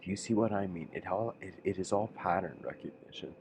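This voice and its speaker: A man giving a livestreamed spiritual lecture, musing and halting, often restarting his sentences. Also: low voice, darkish tone, slight background noise, rough recording.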